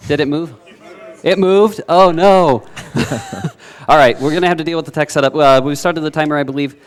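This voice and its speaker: A man's voice: on the high side, fairly even intonation, racing, smooth. A man casually presenting a speedrun live, rambling with many fillers and laughing off mishaps. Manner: loose and rambling, lots of "uh" and "um", laughs it off.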